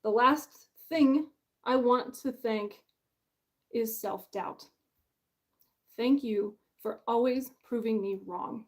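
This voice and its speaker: A woman's voice: a little high, slow pace, pauses often. A woman author hosting her book launch in a casual livestream chat. She is bubbly and self-deprecating, and she laughs often.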